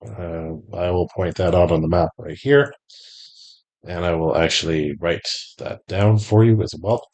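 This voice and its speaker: Male game master, deep and slow-paced, casual. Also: darkish tone. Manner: unhurried, with many fillers. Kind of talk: narrating a tabletop game.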